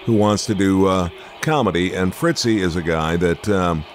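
Low-voiced older man chatting casually. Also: normal speed. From United States. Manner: chatty, rambling, laughs often. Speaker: radio host interviewing a comedian. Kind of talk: casual podcast conversation.

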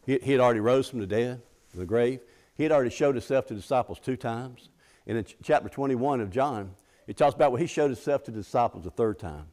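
A man's voice: mid-range voice, fast talker, a little mellow. A middle-aged man preaching a sermon in a folksy, conversational way, often restarting his sentences and acting out the scripture quotes.

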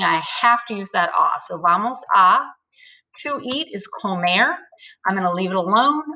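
Bright-voiced woman teaching grammar. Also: mid-range voice, poor audio. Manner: patient, step-by-step explaining, slowing to spell out words. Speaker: Spanish teacher. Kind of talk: screen-share grammar lesson.

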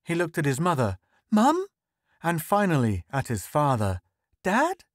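A man voicing an excited young boy who shouts as he plays at being a rocket, in an audiobook story. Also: on the high side, measured pace, no echo, clean studio sound, pitched above the performer's own voice. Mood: puzzled. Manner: loud, breathless shouting.

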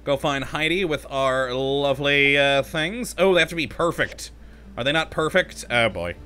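A man's voice: medium pitch, normal speed, sharp tone, clean tone. A man commentating casually as he plays a video game, talking to himself, easily exasperated and laughing often. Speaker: let's play host.

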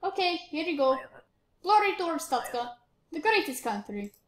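A woman's voice: very high voice, big pitch swings, normal speed. A woman giving casual game commentary while playing a bossy, impatient border inspector. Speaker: gamer narrating her play. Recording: roomy, faint noise.

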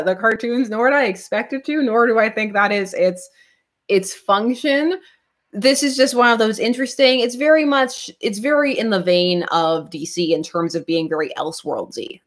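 A woman hosting a casual comic book club livestream, talking in a rambling way with many restarts and laughs. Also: mid-range voice. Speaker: comic book channel host.

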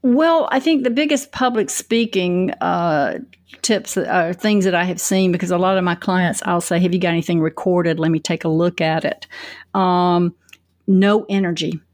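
A woman's voice: on the low side, moderate pace, a little mellow, no room sound, studio quality. A woman answering interview questions as a public speaking coach, telling stories energetically with quoted asides.

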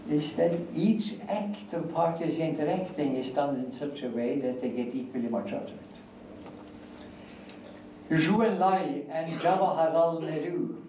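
An older man giving an academic lecture, speaking deliberately and repeating key phrases. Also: fairly high pitch, mellow. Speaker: guest lecturer. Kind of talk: academic lecture answering questions. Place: lecture hall. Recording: echoey hall, distant mic, faint hiss.

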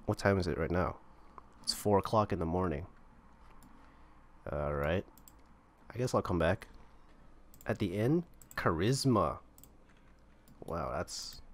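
Man, gameplay commentary, rambling, thinking aloud, lowish pitch. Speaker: gamer playing online roleplaying servers.

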